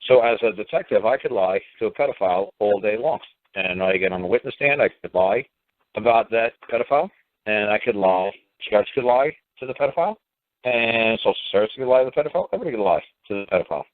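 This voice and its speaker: A man with a New York accent holds forth on a call-in radio show in a blunt, profane, rambling way. His voice sits on the low side. The sound is dry and squeezed, like a phone line. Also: expressive, quick pace, dry recording. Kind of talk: casual radio call-in talk.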